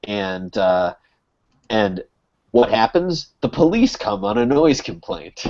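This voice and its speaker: A man's voice: on the low side, sing-song, a little mellow. A young man from Connecticut telling a long story in a loose, rambling way, packed with "like" and swearing. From Connecticut, USA. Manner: rambling, fills every pause with "like", swears freely. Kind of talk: casual storytelling on a podcast. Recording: dull lo-fi podcast recording.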